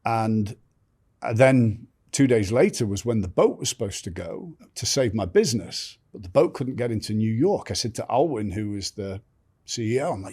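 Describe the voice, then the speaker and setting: A man's voice: lowish voice, expressive, moderate pace, darkish tone, breathy edge. An older man telling his life story candidly as a podcast guest, blunt and swearing freely, often restarting sentences.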